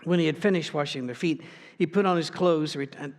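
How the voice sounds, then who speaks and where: Conversational preacher man, slightly high voice. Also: fairly quick. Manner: conversational storytelling, plain and informal. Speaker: pastor. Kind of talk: sermon.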